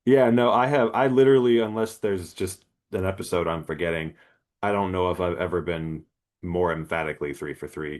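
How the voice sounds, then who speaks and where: A man co-hosting a podcast in casual chat, animated, laughing often and swearing casually. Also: low-pitched. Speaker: podcast co-host.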